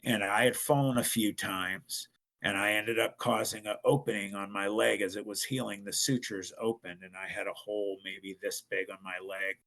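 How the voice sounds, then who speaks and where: A man's voice: lowish voice, steady tone, normal speed, fairly bright tone. A middle-aged man from Ohio, a podcast guest telling a personal story in an earnest, emphatic way.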